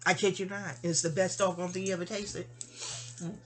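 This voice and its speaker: This woman speaks fairly quickly in a lowish voice with a steady tone. She's a New York City vlogger telling a long, rambling personal story in a casual, chatty monologue, sleepy-sounding, with frequent restarts and asides.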